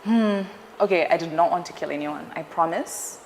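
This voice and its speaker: A woman's voice: on the low side, normal speed, creaky. Chatty woman in a reverberant room. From Zimbabwe. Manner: chatty and playful, animated storytelling. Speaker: guest, news anchor. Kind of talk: casual interview chat. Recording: reverberant room with faint noise.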